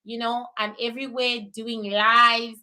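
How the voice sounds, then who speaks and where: Bright-voiced woman hosting a spiritual livestream. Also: fairly high pitch, flat delivery, a little slow. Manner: emphatic, repeats phrases, reads out viewer comments and thanks. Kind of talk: live-stream talk answering viewer questions.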